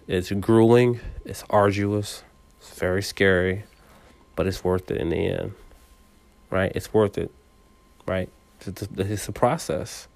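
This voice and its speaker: A man's voice: sits low, creaky, a little mellow, no room sound. A man giving a reflective motivational monologue, speaking straight to the listener with frequent repetitions and stammered restarts.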